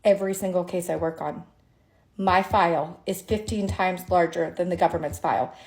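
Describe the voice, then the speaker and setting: A woman's voice: fairly low pitch, fairly even intonation, moderate pace, a little mellow. A woman tax attorney, tired after a long day, telling a frustrating story to camera in an exasperated, sarcastic, emphatic rant. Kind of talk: ranting story monologue to camera.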